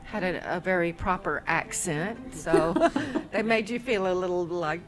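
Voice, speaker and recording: A woman's voice: fairly low pitch, moderate pace, music in the background, poor audio. An American woman giving thoughtful, slightly hesitant answers in an interview. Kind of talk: casual chat.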